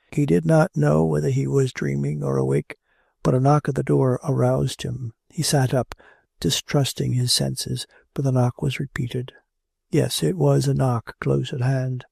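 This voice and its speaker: A man narrating a classic novel as an audiobook, in a measured and steady storytelling manner. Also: mid-range voice, vocal fry, slightly rough, dry recording, studio quality.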